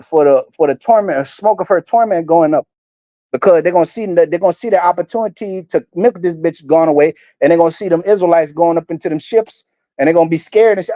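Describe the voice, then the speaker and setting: A man's voice: sits high, darkish tone, dry recording, highs cut off. A man reading scripture aloud and breaking into blunt, profane, rambling commentary. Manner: blunt, crude and rambling, often stumbling over words. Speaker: street preacher.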